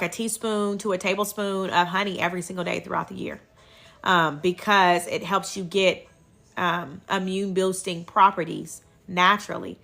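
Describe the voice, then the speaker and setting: A woman's voice: mid-range voice, vocal fry, bright, forceful tone. A woman hosting a casual herbal wellness livestream on her phone, chatty and upbeat, thanking viewers as she goes.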